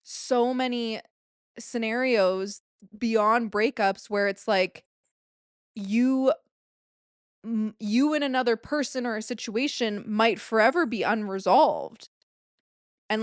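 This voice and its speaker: A woman's voice: fairly high pitch, very animated, slow, dry recording, studio quality. A woman in her late twenties hosting a solo podcast, talking in a rambling, confessional way, full of filler words and casual swearing. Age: late 20s. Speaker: podcast host.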